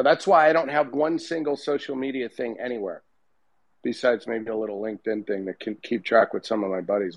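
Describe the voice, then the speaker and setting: A man's voice: medium pitch, no room sound, muffled recording. Rambling, emphatic male panel guest. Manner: rambling, emphatic, full of "you know" and "I mean". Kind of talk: casual panel discussion.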